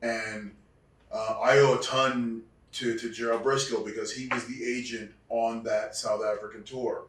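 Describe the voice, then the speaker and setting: A man's voice: medium pitch, level tone, unhurried, fairly bright tone. Man, former wrestler, reflective storyteller, restarts often, distant mic. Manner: reflective, many restarts, acts out quotes. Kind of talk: storytelling interview. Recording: echoey room, distant mic.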